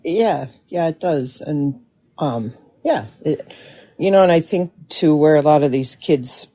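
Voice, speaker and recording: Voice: mid-range voice, animated, unhurried, warm tone, no room sound. A caller talking casually and hesitantly, with many fillers and trailing thoughts. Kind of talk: casual conversation.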